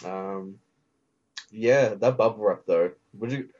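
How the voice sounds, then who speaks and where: A man's voice: lowish voice, slow, darkish tone. A man co-hosting a casual chat who keeps reaching for words and filling the gaps with ums. His voice comes through slightly dull and lo-fi. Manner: filler-heavy, searching for words. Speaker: podcast co-host.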